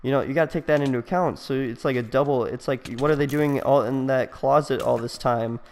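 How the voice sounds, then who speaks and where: A man's voice: mid-range voice, brisk, a little mellow. A young man hosting a game let's play, rambling and joking in casual chat, with lots of fillers. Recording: long echoey reverb.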